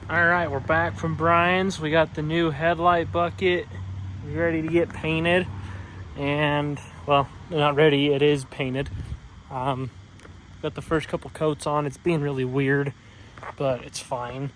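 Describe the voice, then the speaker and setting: A man's voice: on the high side, flat delivery, slow pace, fairly bright tone, a little hiss or hum, poor audio. Rambling man filming a shop vlog outside. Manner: rambling, lots of "so, yeah" fillers, mild cursing. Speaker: mechanic vlogger. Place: outdoors at a home car shop.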